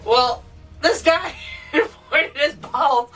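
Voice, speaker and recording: A woman giving a casual movie review, retelling scenes excitedly with swearing, sound effects and laughter. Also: high-pitched, slow, recorded from a distance, faint music behind, rough recording.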